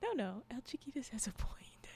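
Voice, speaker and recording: A high, bouncy woman's voice with a gravelly fry at the ends of phrases, taking its time. She chats with her stream between bits of a story, laughing a lot and squealing at what she sees. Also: big pitch swings, moderate pace, a little mellow, in a whisper. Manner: giggly, exclamatory reactions to chat. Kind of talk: casual livestream chat and story reading.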